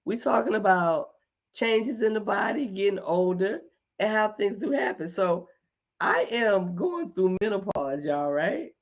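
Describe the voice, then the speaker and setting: A middle-aged woman hosts a casual live chat with her viewers, her mid-range voice coming through lo-fi audio. She keeps a measured pace yet stays animated, repeating points for emphasis and laughing often.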